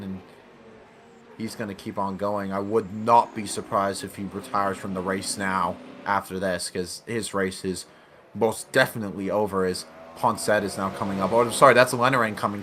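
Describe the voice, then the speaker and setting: A man commentating a sim racing league event, excitable and often correcting himself mid-sentence. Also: lowish voice, slight background noise. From United States. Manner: excitable, self-correcting, laughs along. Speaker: race commentator.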